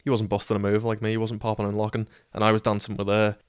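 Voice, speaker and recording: A British man in his twenties tells a story in a casual, swearing, self-mocking way. His voice sits a little low and comes through smooth and clear. The sound is close and dry, with no room around it. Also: monotone, fast, no echo. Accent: British English. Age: 20s. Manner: sweary and wry, self-deprecating.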